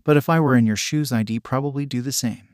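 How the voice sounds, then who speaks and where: A man's voice: medium pitch, quick pace, no room sound, natural voice. Man voicing an earnest weary hero, apologetic, storybook reading, dry sound. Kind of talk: audiobook reading of fan fiction.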